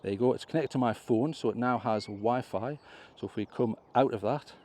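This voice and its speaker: A man casually talking through his drone flight outdoors step by step, clearing his throat now and then. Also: mid-range voice, fairly quick, dark tone. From England. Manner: chatty step-by-step explaining, self-correcting. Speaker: drone vlogger. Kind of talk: casual tutorial commentary. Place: outdoors on a hill.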